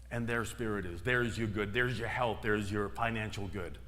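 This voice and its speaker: A man's voice: medium pitch, moderate pace, hardly any pauses, fairly bright tone. A middle-aged man preaching a sermon as minister, telling stories with emphatic, repeated phrases. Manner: storytelling with emphatic repetitions. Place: church sanctuary. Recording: reverberant church hall.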